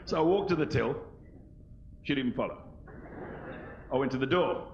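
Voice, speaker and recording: A man in his thirties doing live stand-up comedy, animated and cheeky, acting out little voices. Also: medium pitch, normal speed, background noise. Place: large theatre stage. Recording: roomy lo-fi VHS stage recording.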